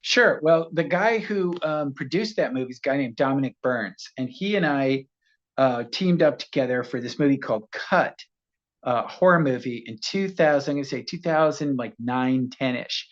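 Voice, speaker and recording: An American man, an actor, telling animated anecdotes as a guest, slipping into voices as he goes. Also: medium pitch, normal speed, lo-fi sound. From United States. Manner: animated storyteller, slips into voices. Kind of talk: casual interview anecdote.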